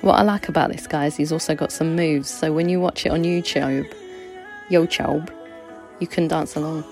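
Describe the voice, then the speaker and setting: A woman in her thirties chatting between songs as a home radio DJ, excitable and often dropping into soft half-whispers. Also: low voice, normal speed. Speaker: mum hosting a home radio mixtape. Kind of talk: casual chat between songs. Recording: dry close recording with faint music behind.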